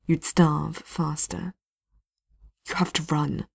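A woman reading aloud and voicing a big, battered male warrior who speaks in a quiet, rusty, halting voice. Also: low voice, fairly even intonation, creaky, slightly rough, heavily acted. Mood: pained. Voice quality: rusty, pained.

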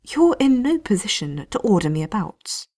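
A woman reading aloud and voicing a proud, stubborn female enchanter who answers crisply and defiantly. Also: medium pitch, sing-song, moderate pace, mellow.

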